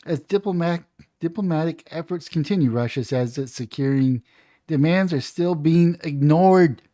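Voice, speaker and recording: A man's voice: on the high side, normal speed, mellow. A man giving an opinionated political commentary monologue, reading news aloud and then ranting emphatically about it. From United States.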